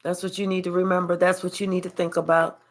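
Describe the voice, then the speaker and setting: A woman doing a casual spiritual reading to camera, profane and animated, stretching out words for emphasis. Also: lowish voice, quick pace. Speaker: tarot reader.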